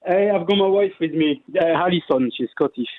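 A middle-aged French man with a French accent, a contest winner on a phone-in, excitable and hesitant with lots of fillers. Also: on the high side, brisk, dry recording. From France. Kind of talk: phone-in chat. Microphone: telephone. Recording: tinny phone line.

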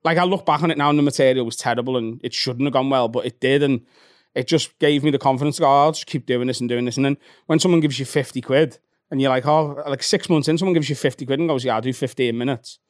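A man's voice: medium pitch, dry recording, studio quality. A man in his thirties with a Liverpool accent, a stand-up comedian chatting casually as a podcast guest and telling stories with lots of swearing. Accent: Liverpool (Scouse). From Liverpool, England. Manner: fast, sweary, animated storytelling. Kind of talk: casual chat.

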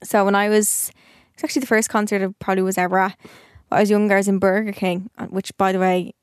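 A woman's voice: medium pitch, flat delivery, quick pace, clear, resonant tone, no echo, clean studio sound. Chatty young Irish woman telling stories. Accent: Irish (Dublin). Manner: chatty storytelling, swears casually. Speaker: podcast co-host. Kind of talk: casual chat.

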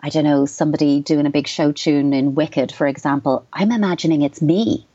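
A middle-aged Irish woman, a child psychotherapist, giving measured, reassuring advice on a radio talk show. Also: deep voice, mellow, dry recording. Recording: dull dry studio sound.

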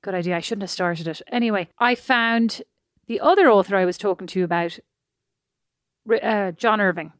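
Expressive woman, dry close sound. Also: mid-range voice, normal speed, dry recording. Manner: expressive, rambling storyteller. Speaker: podcast co-host. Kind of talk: casual chat.

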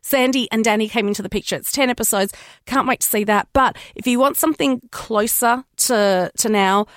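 Chatty woman film guest, higher voice. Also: a little fast, no echo, clean studio sound. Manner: chatty, enthusiastic, laughs often. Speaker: film and TV podcast host, guest. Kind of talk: casual radio chat.

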